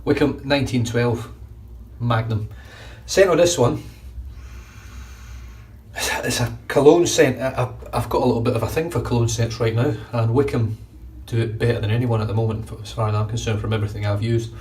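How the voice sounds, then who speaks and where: A man's voice: medium pitch, steady tone, brisk, a little mellow, recorded from a distance. A middle-aged Scottish man with a Glaswegian accent, chatting casually and swearing freely as he reviews shaving gear in his bathroom. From Scotland. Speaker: shaving vlogger. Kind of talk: casual chat. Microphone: phone camera.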